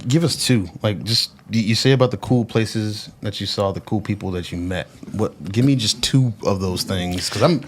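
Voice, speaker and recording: A man hosting a podcast, asking his guest questions in a relaxed, encouraging way. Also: lowish voice, normal speed, few pauses, a little hiss or hum. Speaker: podcast host. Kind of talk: casual interview chat.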